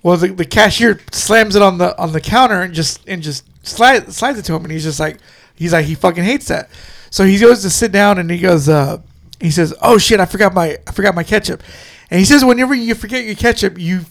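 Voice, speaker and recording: A man's voice: sits high, brisk, creaky. A man co-hosting a podcast in casual chat, laughing often and retelling stories with quoted lines. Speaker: podcast co-host.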